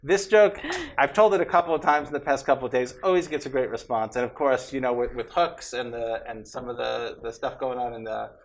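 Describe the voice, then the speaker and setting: A man being interviewed at a tech conference, explaining in a relaxed, conversational way with frequent "you know". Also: mid-range voice, fairly quick, hardly any pauses, a little hiss or hum. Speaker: interview guest, tech executive.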